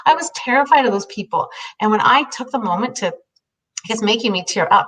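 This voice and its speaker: A woman's voice: fairly high pitch, animated, fairly bright tone, recorded from a distance, rough recording. Heartfelt storytelling woman, off-mic. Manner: heartfelt, halting, many restarts. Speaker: host. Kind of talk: emotional personal storytelling.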